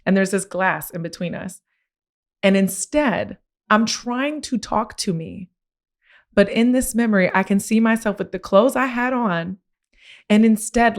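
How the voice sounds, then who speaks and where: A woman hosting a podcast, telling a personal story in a candid, slangy way, her voice climbing when she gets worked up. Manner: animated, rising pitch when excited; casual, slangy. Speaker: podcast host.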